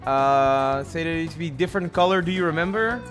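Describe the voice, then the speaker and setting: A man's voice: a little high, fairly quick, fairly bright tone, soft background music. Rambling, cursing young male streamer. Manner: rambling, profane, self-mocking. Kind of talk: casual gameplay commentary.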